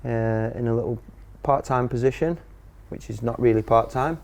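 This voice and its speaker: A man's voice: medium pitch, normal speed, creaky, over a noisy crowd. A man, a guest chatting casually about his work in football. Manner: relaxed, conversational, says "me" for "my". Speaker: studio guest. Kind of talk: casual interview chat.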